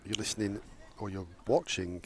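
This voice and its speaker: A man's voice: lowish voice, normal speed, slight background noise. A man with a northern English accent commentating on a live cricket match from an outdoor gazebo, chatty and self-deprecating. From northern England. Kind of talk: live sports commentary, casual chat.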